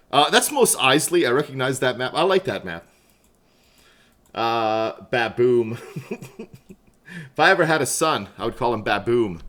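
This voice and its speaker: A man's voice: mid-range voice, fairly bright tone. A man chatting casually on a game livestream, laughing often, greeting viewers by name, wired on coffee, with keyboard clicks behind. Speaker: livestream gamer.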